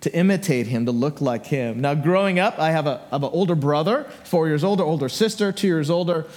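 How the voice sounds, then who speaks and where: A man's voice: a little high, brisk, a little mellow. A middle-aged man preaching a sermon as a pastor in a church, telling stories with playful asides and acting out voices. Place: church sanctuary.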